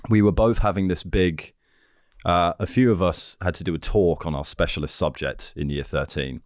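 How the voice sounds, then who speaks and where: A young man co-hosting a comedy podcast, telling animated stories with frequent laughter and sudden high-pitched impressions. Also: normal speed, no room sound, clean studio sound. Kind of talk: casual comedic chat.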